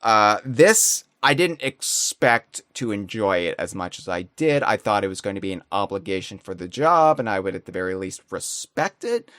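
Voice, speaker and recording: A man hosting a podcast, chatting casually and telling stories with excitable energy. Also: fairly low pitch, moderate pace, few pauses, no echo, clean studio sound. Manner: animated, excitable storytelling. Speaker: podcast host. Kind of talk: casual chat.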